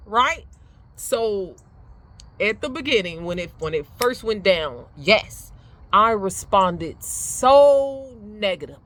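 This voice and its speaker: A middle-aged woman giving life advice in a casual motivational talk, emphatic and animated, laughing often. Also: medium pitch, takes it slowly. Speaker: speaker sharing life advice.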